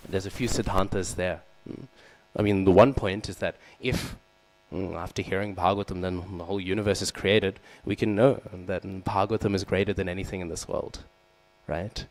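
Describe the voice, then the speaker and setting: This scripture-class speaker has a low voice with fairly even intonation and a moderate pace, recorded in poor audio. Giving a sermon, he tells a devotional story by acting out its figures, and asks listeners questions, often with "right?" and "hmm?"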